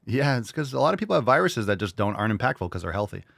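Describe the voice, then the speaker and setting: A man's voice: lowish voice, sing-song, racing, vocal fry, a bit bright. A man hosting a casual reaction show, talking bluntly and sarcastically with plenty of swearing. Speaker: show host.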